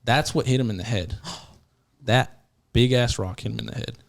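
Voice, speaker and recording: A man's voice: mid-range voice, normal speed, vocal fry. A man, a podcast guest and former prison yard officer, telling a story casually with lots of fillers and restarts and acting out quotes. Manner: animated, acts out quotes, many fillers and restarts.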